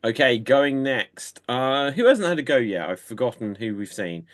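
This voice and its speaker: A man's voice: medium pitch, sing-song. British-sounding man hosting an online show. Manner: brisk, drawn-out sign-offs. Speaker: host. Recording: video call audio.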